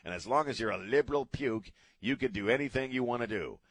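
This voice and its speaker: A fast-talking middle-aged American with a husky, medium-pitched voice hosts talk radio from a studio, launching into a sarcastic, opinionated monologue sprinkled with casual swearing, recorded on a studio broadcast mic.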